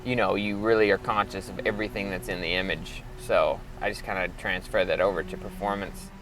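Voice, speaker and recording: A man's voice: sits low, steady tone, a little fast, over music. A young man from Arkansas talking about his art in a loose, rambling documentary interview, full of filler words. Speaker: performance artist.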